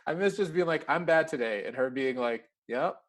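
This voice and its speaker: A man's voice: a little high, lively intonation, normal speed. A man talking as a podcast guest in a casual interview, chatty and laughing often as he acts out bits of dialogue.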